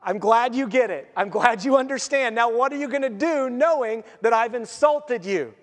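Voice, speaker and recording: Lively high-voiced pastor preaching. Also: male voice, normal speed, big-room sound. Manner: conversational, animated, laughs at his own points. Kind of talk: sermon.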